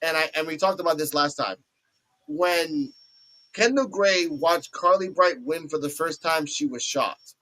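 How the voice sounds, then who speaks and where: Animated man recapping a wrestling match. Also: unhurried, poor audio. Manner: animated, acts out quotes in high voices. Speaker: wrestling review show host. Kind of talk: excited play-by-play recap.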